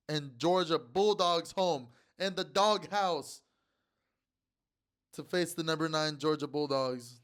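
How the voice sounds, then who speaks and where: A man runs a casual sports picks show, chatting loosely to his viewers. His voice is smooth and clear, pitched a touch high. He trash-talks with playful swagger and often repeats words in rapid strings. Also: a bit bright.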